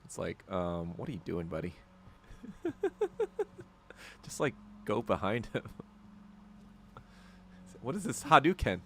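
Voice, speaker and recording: Guy doing chill game commentary, lowish voice, goes up and down a lot, kinda jokey. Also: sing-song, takes it slowly, long pauses, sharp tone, slight background noise. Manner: joking, laughing often. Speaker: podcast host. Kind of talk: casual gameplay commentary.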